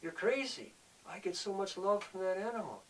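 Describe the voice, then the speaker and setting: A man's voice: high voice, normal speed, a bit bright, distant mic, poor audio. Man putting on a shocked pet lover. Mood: defensive. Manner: outraged protesting.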